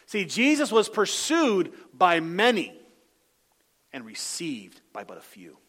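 High-voiced preacher, loud then hushed. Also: male voice, wildly swooping pitch, slow. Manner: swings from loud emphatic calls to soft low asides. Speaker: pastor. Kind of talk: sermon.

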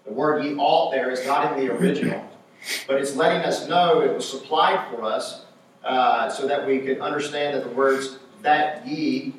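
A man's voice: mid-range voice, normal speed, heavy reverb, distant mic, a little hiss or hum, poor audio. A man preaching a sermon with emphasis, repeating his key phrases.

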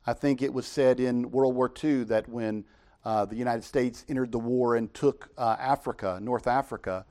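A man's voice: medium pitch, fairly even intonation, normal speed, dark tone. A middle-aged male pastor delivers an expository sermon in an easy, conversational way. He keeps asking rhetorical questions and answering them himself, reasoning aloud with his listeners.

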